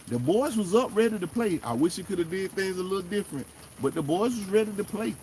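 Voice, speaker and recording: Animated man ranting as a football fan. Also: high-pitched, fast, a little hiss or hum. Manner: animated, emphatic, talks straight to players. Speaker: sports fan show host. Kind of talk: casual fan commentary.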